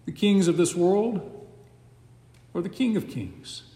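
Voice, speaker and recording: Man, sermon, emphatic pauses, roomy reverberant sanctuary, long echo tail. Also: high-pitched, lively intonation, dark tone. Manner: slow, emphatic cadence with dramatic pauses. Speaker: preacher. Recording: echoey hall with long reverb.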